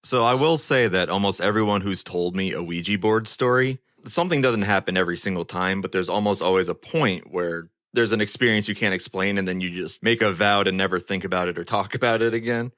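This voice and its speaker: A man with a very deep voice hosts a podcast and chats in a reflective, conversational way. His voice sounds close and dry, with no room around it. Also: brisk, hardly any pauses, a bit bright, no echo. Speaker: podcast host. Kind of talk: casual chat.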